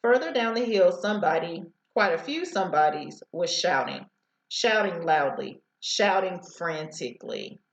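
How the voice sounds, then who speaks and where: A woman's voice: fairly low pitch, animated, measured pace, reverberant, rough recording. A woman teacher reading a novel aloud to students over a headset, sometimes stumbling over words.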